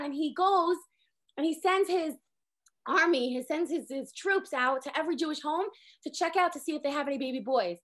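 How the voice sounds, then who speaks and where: A woman teaching a casual online Torah class, telling the story with lively acted-out lines and many "like" fillers, over a video call. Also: high-pitched, normal speed.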